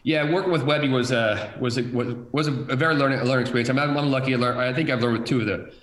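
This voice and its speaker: Fast-talking man in an echoey room. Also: mid-range voice, fairly even intonation, crowd noise. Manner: rambling, repeats words, many fillers. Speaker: guest, sports TV director. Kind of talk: casual chat.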